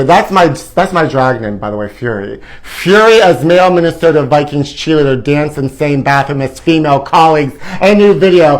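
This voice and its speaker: A flamboyant man dishes on the week's tabloid gossip in a campy, sassy voice that sits a touch high for a man. He calls everyone honey, trades quick asides, and now and then slips into a line of song. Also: lively intonation. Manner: breaks into short bits of song. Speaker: host. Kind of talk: campy live gossip commentary.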